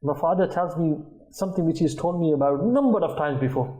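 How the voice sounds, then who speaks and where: An earnest man tells stories in a religious talk show, with a fairly high voice and a dark, mellow tone. His words echo around a studio room. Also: lively intonation, fast talker. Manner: earnest, anecdotal, frequent restarts.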